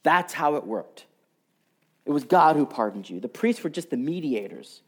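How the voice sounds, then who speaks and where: A man's voice: a little high, sing-song, moderate pace, husky. Man preaching a sermon. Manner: storytelling with shifts between loud and hushed delivery. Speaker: pastor.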